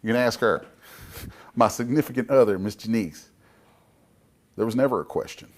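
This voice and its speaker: A man's voice: mid-range voice, moderate pace. A middle-aged man speaking as a guest comic book creator at a public talk, emphatic and folksy in a motivational way.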